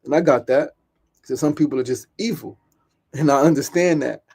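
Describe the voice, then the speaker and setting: A man's voice: medium pitch, normal speed, gravelly, darkish tone, slightly rough. A man hosting a podcast, giving an impassioned solo monologue, swearing and repeating phrases. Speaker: podcast host.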